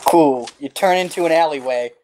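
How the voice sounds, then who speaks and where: Relaxed man running a tabletop game. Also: a little high, normal speed, slight background noise. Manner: laid-back, laughing, filler-heavy narration. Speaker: game master. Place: home, over an online voice call.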